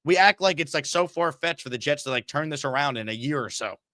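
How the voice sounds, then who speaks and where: A man's voice: on the high side, animated, fast talker, bright, forceful tone, dry recording, studio quality. A man hosting a sports talk show, ranting emphatically and with exasperation. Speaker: podcast host.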